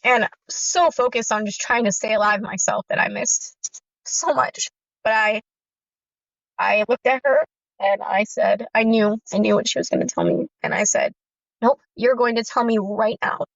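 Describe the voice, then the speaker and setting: A woman's voice: a little high, steady tone, moderate pace, gravelly, no echo. Earnest woman recounting, dull dry audio. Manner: earnest, intense, recounting fear in vivid detail. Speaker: guest sharing her story. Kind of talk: first-person true crime account.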